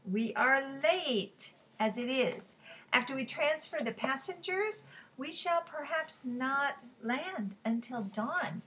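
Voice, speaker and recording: A man's voice: very high-pitched, lively intonation, slow pace, sharp tone, a little hiss or hum, pitched above the performer's own voice, exaggerated voice, poor audio. A woman voicing a jovial male sailor who teases his friends in formal, careful phrasing. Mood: teasing. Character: jovial teasing male sailor, fond of chess.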